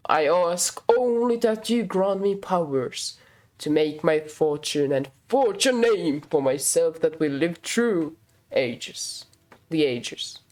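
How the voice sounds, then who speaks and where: A woman's voice: sits low, lively intonation, takes it slowly, darkish tone. A woman voicing an eager, ambitious armored adventurer who exclaims and pleads, as part of a storybook reading. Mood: eager exclaiming.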